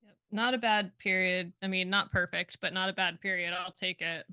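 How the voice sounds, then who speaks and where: A woman's voice: on the low side, fairly even intonation, normal speed, pushed and bright, smooth, no room sound. A woman co-hosting a live hockey stream, mostly giving brief agreeing replies. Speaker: podcast co-host. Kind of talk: casual live-stream chat.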